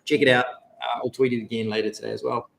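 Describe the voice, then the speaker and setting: A middle-aged man with a New Zealand accent talks easily as he co-hosts a vlog, his voice pitched in the middle range. He stops and restarts often, filling the gaps with ums and uhs, in an unhurried, chatty way. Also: gravelly, a little hiss or hum, rough recording. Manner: relaxed, chatty, halting with fillers. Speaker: vlog co-host. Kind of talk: casual chat.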